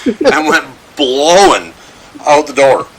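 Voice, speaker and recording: A man's voice: fairly high pitch, big pitch swings, takes it slowly, over a noisy crowd, poor audio. A young man with a Northern English accent, telling crude stories in a boisterous, casual chat with a friend.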